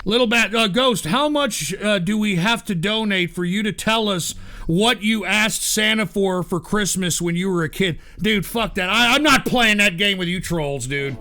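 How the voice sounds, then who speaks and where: Loud profane guy hosting a stream, bright edgy tone, very high voice. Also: moderate pace. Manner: brash, profane, boisterous. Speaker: livestream host. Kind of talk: casual livestream chat.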